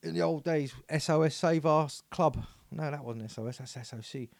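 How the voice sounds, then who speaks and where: A man's voice: a little high, brisk, gravelly, no room sound. A man from England, co-hosting a podcast in playful, joking banter. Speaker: podcast co-host. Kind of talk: casual chat.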